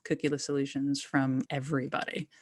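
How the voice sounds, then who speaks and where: A woman's voice: very deep voice, level tone, brisk, breathy edge, no echo, clean studio sound. A woman guest on an interview podcast, talking candidly and casually, loose with slang. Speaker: guest, trade journalist.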